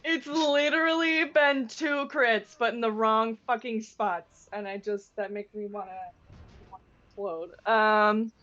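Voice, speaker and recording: A woman's voice: fairly high pitch, measured pace, a bit bright, dull audio. A woman running a tabletop game as game master, wry and teasing as she calls the rolls.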